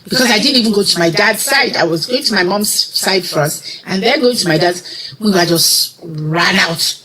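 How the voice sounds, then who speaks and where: A middle-aged woman with a Nigerian accent, a guest on an interview, tells a personal story with real feeling, vividly acting out what other people said. Her medium-pitched voice has lively intonation and a sharp tone at a normal speed. The audio is poor, with a little hiss or hum.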